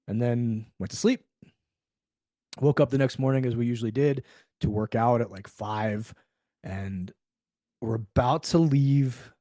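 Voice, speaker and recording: Man, middle-aged, guest storyteller: animated, acts out dialogue, curses casually; mid-pitched, dry close-miked sound. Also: no echo. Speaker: podcast guest. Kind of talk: storytelling in a conversational interview.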